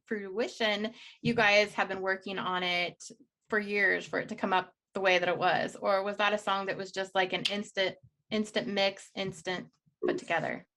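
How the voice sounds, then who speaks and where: Woman, radio host, effusive, stumbling restarts, mid-pitched voice. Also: sharp tone. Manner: gushing, enthusiastic, many restarts. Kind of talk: casual interview chat.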